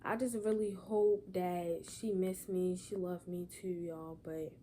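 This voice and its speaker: A woman's voice: fairly low pitch, steady tone, unhurried, warm tone. Young female vlogger, holding back tears, rambling with lots of fillers over faint background noise. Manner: rambling, repeats "y'all" and "like". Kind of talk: emotional personal vlog.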